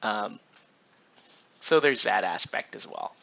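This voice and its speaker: A man's voice: fairly low pitch, lively intonation, takes it slowly, gravelly, fairly bright tone. A tired man chatting casually and rambling, full of fillers and restarts, while he paints. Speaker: miniature painting channel host. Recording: dull lo-fi recording.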